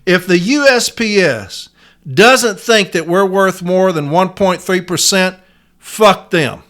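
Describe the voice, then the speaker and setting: A man's voice: high voice, expressive, slow, fairly bright tone. A man hosting his own podcast, ranting angrily and cursing freely, talking as a union letter carrier. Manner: angry, profane, emphatic. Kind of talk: heated solo podcast rant.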